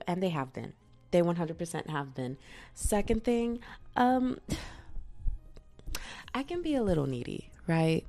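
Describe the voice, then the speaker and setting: A woman's voice: lowish voice, unhurried, long pauses, dark tone, faint music behind. A young woman hosting a podcast from her bedroom, chatting casually with slangy, playful asides. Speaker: podcast host. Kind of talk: casual chat.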